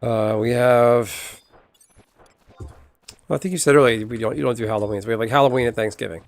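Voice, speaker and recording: A man's voice: medium pitch, normal speed, gravelly, no room sound. A man from the United States streaming a game, chatting casually in a rambling way and swearing now and then. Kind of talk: casual chat while gaming.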